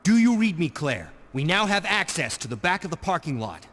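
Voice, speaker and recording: A man's voice: on the high side, very animated, a little fast, a bit bright. An actor playing an earnest young male police officer, urgent and commanding, from a video game with background noise. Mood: businesslike.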